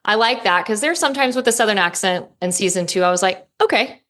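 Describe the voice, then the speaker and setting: A woman's voice: medium pitch, fast, a bit bright. A woman with a mid-range voice talks emphatically about a show's most moving scenes. She co-hosts a casual podcast and mentions her own kids. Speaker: podcast co-host. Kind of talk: casual pop-culture discussion.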